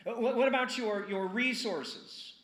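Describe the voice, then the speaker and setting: Energetic, bright-voiced male pastor preaching. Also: very high-pitched, measured pace, reverberant. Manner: energetic, conversational preaching with rhetorical questions and repeated words. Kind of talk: sermon. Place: church sanctuary.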